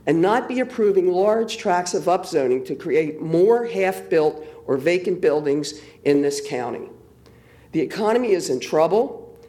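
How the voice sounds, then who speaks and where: A man's voice: fairly high pitch, mellow. A middle-aged man giving an urgent, emphatic public comment at a council meeting.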